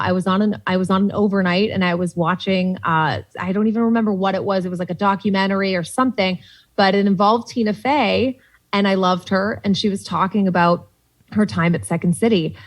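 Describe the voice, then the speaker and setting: Young boston woman, comic guest on a podcast, tells stories fast and lively, does everyone's voices. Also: mid-range voice, low-quality recording. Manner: lively storyteller, acts out quoted voices. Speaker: comedian guest. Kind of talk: casual podcast chat.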